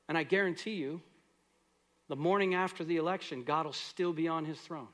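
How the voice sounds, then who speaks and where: A middle-aged man preaching a sermon as pastor, moving between loud, earnest exhortation and soft, quiet prayer. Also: a little high, animated, moderate pace.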